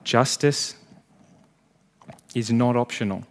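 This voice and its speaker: A man preaching a sermon as pastor, earnest, building to emphatic peaks and then dropping quiet, before closing in prayer. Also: mid-range voice, slow. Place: church.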